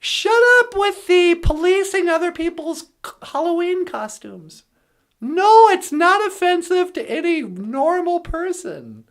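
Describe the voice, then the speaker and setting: A woman's voice: very high-pitched, sing-song, a little slow. A woman delivering a comedic rant in a sarcastic, mocking way, laughing often. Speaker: comedic commentator.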